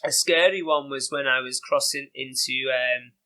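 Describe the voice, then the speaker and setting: A man with a Liverpool Scouse accent, a podcast guest telling animated, chatty stories with lots of "you know" and "like". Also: mid-range voice, moderate pace, rough recording. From England. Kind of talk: casual anecdotal storytelling.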